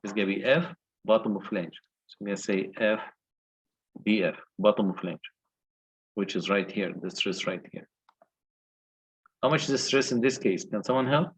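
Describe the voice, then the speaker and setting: A man's voice: lowish voice, slightly rough, poor audio. A male engineering lecturer walking through calculations step by step and asking the class questions. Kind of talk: recorded lecture walkthrough.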